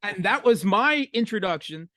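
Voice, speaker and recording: A man's voice: sits high, expressive, pushed and bright, no room sound. Middle-aged american guy talking over a call from home, lots of uh and restarts, kinda sardonic, dry sound. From United States. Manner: halting, many fillers and restarts, sardonic. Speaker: podcast guest, analyst. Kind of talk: casual interview talk.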